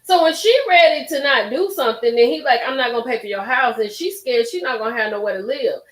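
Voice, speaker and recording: Give me an expressive woman hosting a live stream, talking to her chat in a roomy echo. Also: a little high, quick pace. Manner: expressive, talks straight to chat. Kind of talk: casual live-stream commentary.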